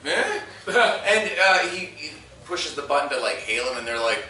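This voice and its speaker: A man's voice: a little high, big pitch swings, measured pace, sharp tone. A man in his thirties doing a stand-up set, telling stories with acted-out quotes and laughing at his own jokes. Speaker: stand-up comedian. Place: convention stage before a live crowd. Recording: echoey room, far from the mic, noisy.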